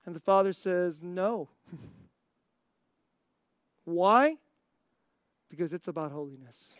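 A preacher delivers a sermon at an unhurried pace, drawn out and deliberate. Rhetorical questions come one after another, with a laugh slipped in between points. The voice sounds close and dry, with no room around it. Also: mid-range voice, expressive, no room sound.

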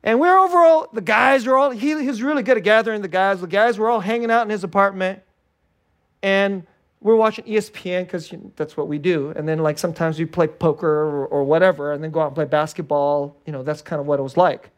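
A male pastor preaching a sermon in an animated way, acting out little scenes and laughing often. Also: high-pitched, fairly quick. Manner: animated, acts out scared and joyful voices, laughs often.

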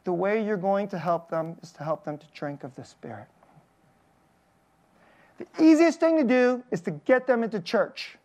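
Lively, chuckling pastor preaching a casual sermon. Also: medium pitch, normal speed. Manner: animated, chuckles between points, asks the audience direct questions. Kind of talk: conversational sermon. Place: church service with slides.

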